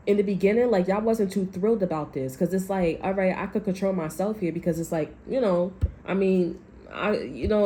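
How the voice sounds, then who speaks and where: A woman talks through a tarot reading in a loose, rambling monologue, swearing freely and speaking bluntly. Her voice has a mellow, darker tone at a middle pitch. A faint hiss sits under the recording. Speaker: tarot reader.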